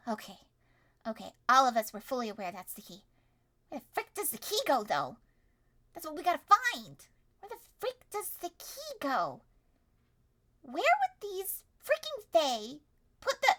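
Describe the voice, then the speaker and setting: Brief: young woman streamer, high bright voice, playful improvised storytelling. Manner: playful, animated, swings from loud to hushed. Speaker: streamer running an interactive story.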